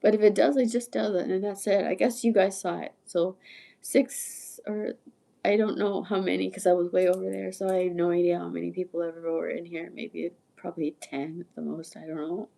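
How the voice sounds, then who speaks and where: Woman in her sixties, gravelly, mellow tone, rambling livestream chat, tangent-prone, laughs often. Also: lowish voice, steady tone, brisk. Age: 60s. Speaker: livestream host.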